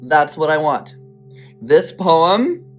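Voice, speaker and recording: A man's voice: a little high, lively intonation, takes it slowly, faint music behind. A man telling a personal story to camera, earnest and emotional, speaking bluntly and swearing now and then. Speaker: vlogger.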